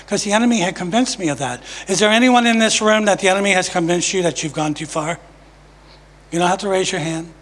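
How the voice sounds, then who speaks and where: A man preaching a testimony in a church, emphatic and dropping often to a hushed voice. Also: sits high, fast talker. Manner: emphatic, swings from loud to hushed. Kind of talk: sermon testimony. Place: church sanctuary. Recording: long reverb of a church hall.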